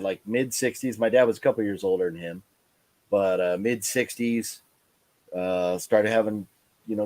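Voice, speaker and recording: A man's voice: on the low side, a little mellow, no room sound. Tired man rambling on a live stream. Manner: rambling, many fillers and restarts. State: tired, yawning. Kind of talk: casual live stream chat.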